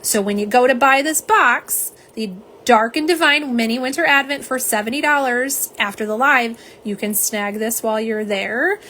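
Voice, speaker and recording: Her fairly high voice sounds pushed and bright at a moderate pace, with slight background noise. She's hosting a chatty, casual nail polish livestream, speaking straight to viewers as "y'all" and reading out chat comments to answer them.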